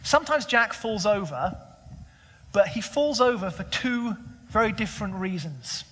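High-voiced male preacher in a hall. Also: animated, a little slow, a bit bright, breathy edge. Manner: conversational, with rhetorical questions. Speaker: pastor. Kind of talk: sermon.

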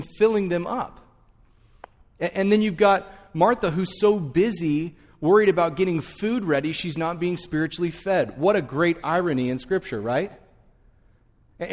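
A man preaches in a slightly raised voice, speaking straight to his congregation as if in conversation. He drives points home by repeating key phrases. The sound carries the long reverb of a church hall. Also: high-pitched. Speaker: pastor. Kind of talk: sermon.

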